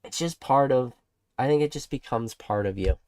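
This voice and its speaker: A man's voice: mid-range voice, moderate pace, a little mellow, clear, resonant tone, no room sound. Rambling man hosting a dry-sounding livestream. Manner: rambling, repeats rhetorical questions, swears; reads chat aloud and greets viewers. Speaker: livestream host. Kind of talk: casual livestream rant.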